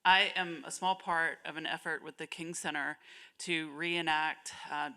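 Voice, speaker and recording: Audience speaker, bright voice, hesitant, heard off-mic. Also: medium pitch, fairly even intonation, unhurried, smooth. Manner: hesitant, with fillers. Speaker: audience member. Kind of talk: making an announcement from the floor.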